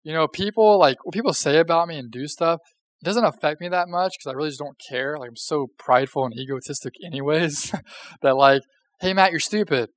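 A man's voice: a little high, fairly quick. A young man preaching a casual, conversational sermon, joking and asking the audience questions. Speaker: pastor.

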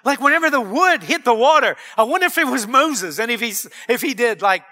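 A man's voice: very high-pitched, expressive, fairly quick, bright, forceful tone. A man preaching a sermon as pastor, earnest and emphatic, breaking into exclamations.

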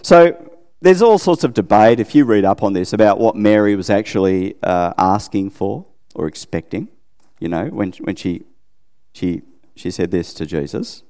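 Warm, smooth, and expressive, a middle-aged Australian man's fairly low voice moves at a moderate pace through a big-room space. His sermon is casual and chatty, and he often asks his listeners questions and makes self-deprecating jokes.

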